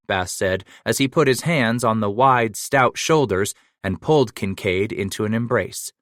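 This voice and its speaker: A man's voice: fairly low pitch, a little slow, hardly any pauses, a bit bright, no room sound, studio quality. Man narrating a western audiobook.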